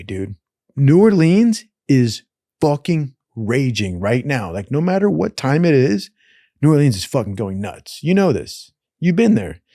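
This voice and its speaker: A man's voice: mid-range voice, dry recording, clean studio sound. A man telling wild stories in a casual, profane, rambling way, full of slang and asides. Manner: profane, animated, slangy with "dude". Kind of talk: casual storytelling.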